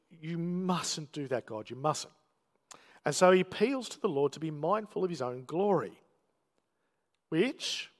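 A man's voice: on the high side, big-room sound. A man preaching a sermon, telling the story with emphatic, dramatic delivery and quoted lines.

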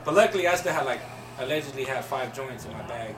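A man's voice: mid-range voice, lively intonation, fast, crowd noise. Profane, rambling man telling a story. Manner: profane, rambling storytelling with lots of "you know what I mean". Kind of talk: casual chat.

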